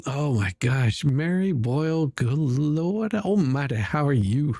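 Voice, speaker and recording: Gravelly man hosting a livestream. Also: fairly high pitch, animated, slow, warm tone, no room sound, studio quality. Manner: mocking, greets viewers by name, rambling with restarts. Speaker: livestream host. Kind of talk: casual livestream chat.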